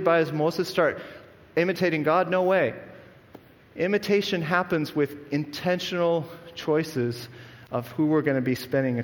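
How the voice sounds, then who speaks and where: A man preaching a sermon as pastor, in an earnest, conversational way with frequent restarts. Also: on the high side. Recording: long echo of a large hall.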